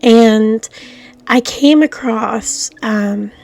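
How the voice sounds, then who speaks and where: A woman's voice: fairly high pitch, very slow, vocal fry, darkish tone. A middle-aged woman with a groggy voice after coughing, chatting casually to her viewers in a rambling way, full of fillers and restarts. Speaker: vlogger. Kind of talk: casual rambling talk to camera.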